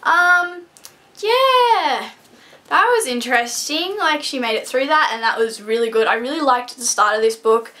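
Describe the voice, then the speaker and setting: A woman's voice: sits high, animated, measured pace, bright, forceful tone. A young woman gushing and rambling through a casual book review vlog, full of restarts and fillers.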